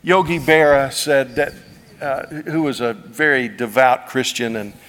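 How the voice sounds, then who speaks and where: A male pastor preaching a sermon, telling stories with folksy humor and animated delivery. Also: mid-range voice, measured pace. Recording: long hall reverb.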